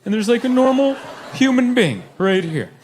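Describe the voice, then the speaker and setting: A man performing a stand-up comedy set on a club stage, telling stories animatedly and putting on high voices for his wife. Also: sing-song, moderate pace, darkish tone. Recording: live club recording with crowd noise.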